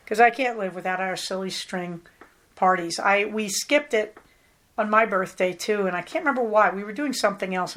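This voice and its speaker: A woman's voice: medium pitch, fairly bright tone. A middle-aged woman from Southern California hosting a podcast in a chatty, rambling, affectionate way. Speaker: podcast host. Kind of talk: casual chat.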